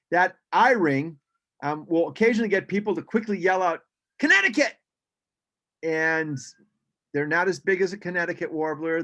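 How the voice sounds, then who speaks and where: A man's voice: on the high side, fairly bright tone. Chatty man giving a birding talk. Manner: chatty, frequent ums and restarts. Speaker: birding presenter. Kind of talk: casual slideshow talk over video call. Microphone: video call.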